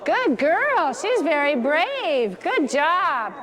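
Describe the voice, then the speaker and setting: A woman's voice: sits high, very animated, drawn-out words, a crowd in the background. A woman dog trainer leading a hands-on class, giving direct instructions and coaxing the dogs in a sing-song. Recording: long hall reverb.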